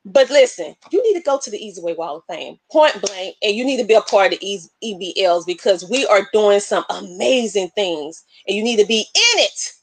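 A woman's voice: medium pitch, big pitch swings, fairly quick, hardly any pauses, breathy edge, no room sound. A woman hosting a live stream, talking casually, emotional and preacher-like. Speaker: live show host. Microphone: webcam.

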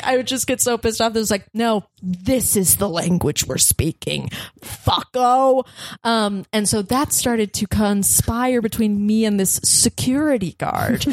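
Animated woman telling a story, dry sound. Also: mid-range voice, dry recording. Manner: animated, laughs often, swears, acts out quoted voices. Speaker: podcast guest. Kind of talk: casual storytelling.

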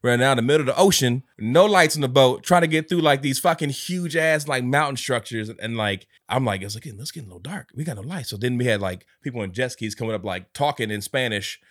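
A man's voice: mid-range voice, brisk, hardly any pauses, fairly bright tone. A young man co-hosting a podcast, telling a story full of swearing and frequent laughter. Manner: profane storytelling, laughs often. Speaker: podcast co-host. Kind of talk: casual chat.

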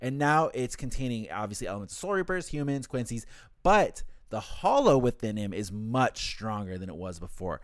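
A man co-hosting a casual podcast, recapping a story with animated, swearing asides and quick character voices. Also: mid-range voice, dry recording, studio quality. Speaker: podcast co-host.

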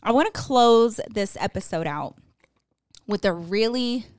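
A young woman co-hosting a podcast in casual chat, telling stories in an animated, teasing way with plenty of cursing. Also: medium pitch, unhurried, no echo, clean studio sound. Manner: animated storytelling, profane and teasing. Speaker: podcast co-host.

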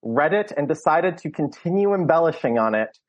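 A man's voice: on the high side, animated, brisk, dull audio. A man co-hosting a podcast, talking through a film in casual chat with many restarts. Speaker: podcast co-host.

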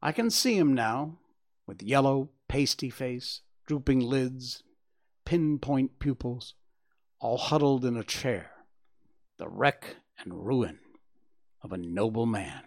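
Narrating an audiobook of a classic detective tale, this man sounds expressive yet sombre and measured. His pitch sinks at the close of his phrases.

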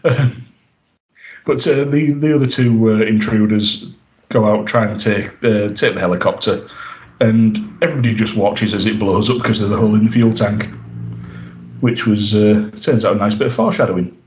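A man's voice: lowish voice, fairly even intonation, moderate pace, a little mellow, highs cut off. A man hosting a podcast, chatting casually with frequent fillers, restarts and laughter. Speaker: podcast host.

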